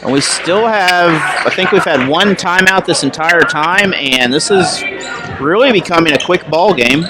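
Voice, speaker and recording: A young man calls a high school basketball game in a casual, chatty way and corrects himself as he goes. His voice sits a little high. A noisy gym recording with bouncing balls behind him. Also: lively intonation, moderate pace. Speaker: play-by-play announcer.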